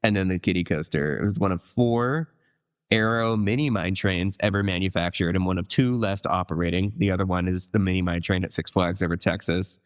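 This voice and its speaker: A man's voice: deep voice, brisk, clean tone. A man co-hosting a podcast in casual chat, talking in a rambling, enthusiastic way with many asides. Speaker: podcast co-host.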